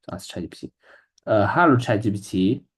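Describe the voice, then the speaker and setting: Guy reading out loud slowly, kinda low voice, stops and restarts a lot. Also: lively intonation, breathy edge. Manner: halting, hesitant, many restarts. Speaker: English learner. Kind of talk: reading practice with an AI assistant.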